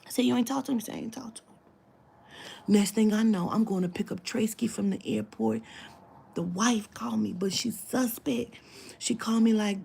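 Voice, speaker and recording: A woman's voice: medium pitch, a little fast, gravelly, mellow, husky. A woman telling a long story in casual talk, acting out the quoted dialogue, swearing freely and dropping into whispers. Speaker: spiritual reader telling a client story.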